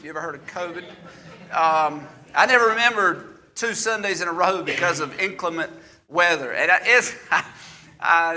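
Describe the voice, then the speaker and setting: Folksy bright-voiced pastor. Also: male voice, sits high. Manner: folksy, joking storyteller addressing a congregation. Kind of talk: sermon. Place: church sanctuary.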